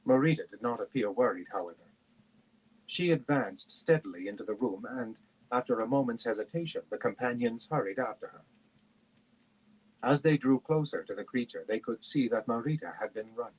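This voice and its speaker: A man reading a fantasy novel aloud in a steady, measured way on a livestream. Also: medium pitch, breathy edge, rough recording. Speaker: reader.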